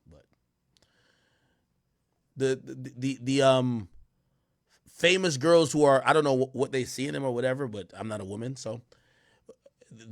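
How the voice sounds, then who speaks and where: A man's voice: medium pitch, fairly bright tone, dry recording, studio quality. A man chatting casually on his livestream, tipsy, rambling and profane, laughing often and mimicking other people.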